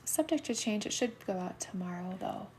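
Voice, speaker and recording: A middle-aged woman giving soulmate readings on a livestream, talking casually in a soft, soothing voice that often drops into a whisper. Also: mid-range voice, expressive, moderate pace, a little hiss or hum.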